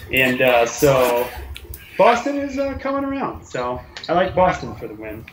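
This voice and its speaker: A male co-host runs through the night's games in a loose, rambling way, dropping fillers as he goes. His voice sits at an ordinary pitch, and a steady hiss of noise runs under the recording. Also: slow, low-quality recording. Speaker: sports show co-host. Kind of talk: casual sports picks chat.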